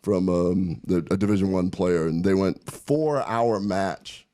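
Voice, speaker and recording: A man co-hosting a podcast in casual conversation, his voice sitting a little low with a mellow, relaxed tone. He tells stories with animation, laughing often as he goes. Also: unhurried. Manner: animated storyteller, laughs often and mimics people. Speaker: podcast co-host. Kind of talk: casual chat.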